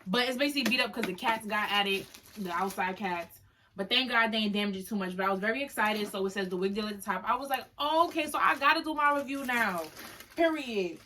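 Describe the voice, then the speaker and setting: Bright-voiced chatty young woman vlogger. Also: medium pitch, fast, slight background noise. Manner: chatty, animated, slangy storytelling. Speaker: beauty vlogger. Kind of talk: casual unboxing vlog.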